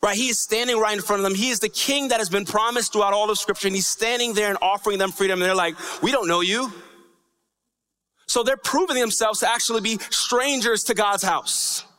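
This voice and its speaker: High-voiced, forceful preacher in a reverberant hall. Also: male voice, fairly even intonation, fast talker, few pauses, smooth. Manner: conversational preaching with frequent "right?" asides. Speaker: pastor. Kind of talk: sermon. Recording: long reverb of a large hall.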